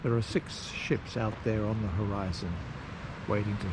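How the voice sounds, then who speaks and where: A man casually narrating a road trip outdoors, rambling with pauses and fillers. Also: on the low side, fairly even intonation. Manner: slow, rambling, pausing with fillers. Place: outdoors at campsites and parks. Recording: noisy outdoor recording.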